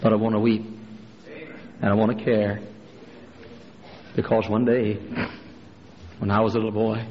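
A man's voice: little pitch movement, normal speed, pauses often. A man preaching a fiery sermon in a large church, telling stories and acting out the voices of the people in them. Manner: fiery preacher, jumps to a high strained voice for quoted women. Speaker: pastor. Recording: dull, hall reverb, faint noise.

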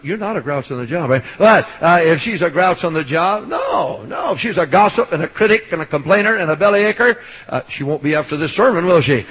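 A middle-aged man preaching a sermon as a Baptist pastor, swinging from loud hollering to soft storytelling. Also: fairly high pitch, husky, low-quality recording.

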